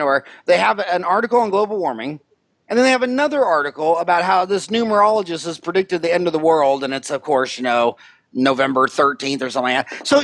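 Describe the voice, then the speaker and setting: A man's voice: high voice, fairly bright tone. A man hosting a podcast interview in casual chat, rambling, joking and blunt. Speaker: podcast host. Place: Scottsdale.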